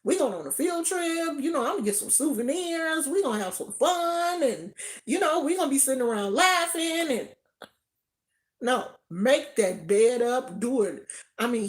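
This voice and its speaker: A woman from California telling a personal story in a casual, animated way, often laughing. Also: sits high. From Oakland, California. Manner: animated, laughs often, acts out quoted voices.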